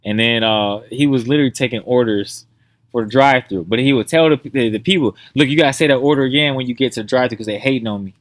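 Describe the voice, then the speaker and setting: A man in his middle range of pitch, telling stories with lots of acted-out voices and loose swearing. The sound is dry and close, with no room behind it. It comes across as relaxed podcast banter among friends. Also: fast talker, dry recording. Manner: animated storyteller, acts out quotes, swears freely. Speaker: podcast co-host. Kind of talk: casual chat.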